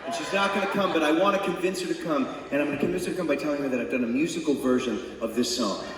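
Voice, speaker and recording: A man's voice: on the high side, rapid-fire, slight background noise. A middle-aged man, a singer-songwriter, telling funny, profane stories between songs at a live concert, often laughing. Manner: laughing, profane, comic storytelling. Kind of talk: stage banter storytelling. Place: concert theater stage. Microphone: stage vocal mic. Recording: echoey hall from far off. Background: audience ambience.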